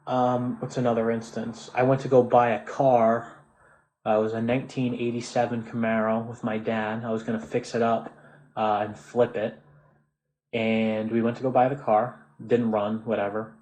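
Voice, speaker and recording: A vlogger in his twenties with an American accent rants in a casual monologue, profane and restless, swearing often and restarting sentences with plenty of fillers. His medium-pitched voice has a level tone, normal speed and a slightly mellow quality. The low-quality recording carries a little hiss or hum.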